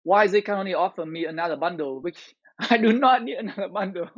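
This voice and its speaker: High-voiced man ranting on a lo-fi stream. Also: a little fast, no echo. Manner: aggrieved, ranting complaint with repeated restarts. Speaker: gaming live streamer. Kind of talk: casual live-stream chat. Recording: dull lo-fi audio.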